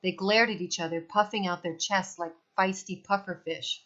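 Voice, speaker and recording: Lady reading a kids' novel out loud, bright voice, bit lo-fi. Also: lowish voice, normal speed. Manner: expressive read-aloud. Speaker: storyteller. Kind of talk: reading a children's novel aloud.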